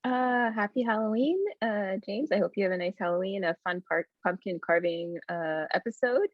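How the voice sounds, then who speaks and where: A woman's voice: mid-range voice, normal speed, dry recording. A woman chats as a talk show guest over a video call. She giggles easily and sounds a bit flustered. The audio is dry and slightly dull. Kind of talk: casual chat.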